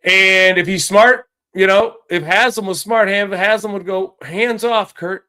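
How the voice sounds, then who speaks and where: A man's voice: high voice, steady tone, measured pace, pushed and bright, clear, resonant tone. A man hosting a casual sports talk podcast, ranting in a frustrated way and often restarting his sentences. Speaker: podcast host.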